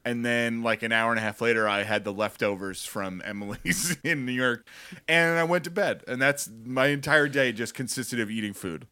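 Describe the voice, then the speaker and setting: A man's voice: medium pitch, normal speed, sharp tone, clean tone. A man in his thirties, a podcast co-host, rambling easily through a casual story. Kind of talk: casual chat.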